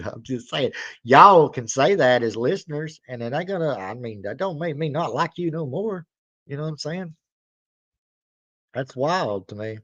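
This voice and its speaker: Man hosting a reaction show, rambling casual chat, mid-pitched voice, dull lo-fi sound. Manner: rambling, drawling, acts out skits with mock shouting. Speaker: reaction channel host.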